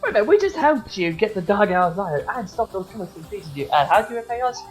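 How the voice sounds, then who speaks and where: A man co-hosts a casual gaming podcast in chatty, chuckling banter. His pitch swings widely as he talks. Faint music sits under the conversation. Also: sing-song, quick pace, rough recording. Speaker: podcast co-host.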